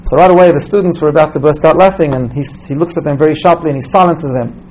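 Religious teacher, male, high-pitched, storytelling delivery, repeats himself on restarts. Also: fast talker, a little mellow, poor audio. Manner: storytelling, tags points with "right?". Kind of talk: teaching talk with stories.

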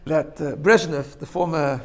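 A man's voice: a little high, steady tone, a little slow. A man giving an informal religious talk, telling stories and often checking in with his listeners. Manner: storytelling, checks in with "right?", laughs at own jokes. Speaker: religious teacher. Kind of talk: informal sermon.

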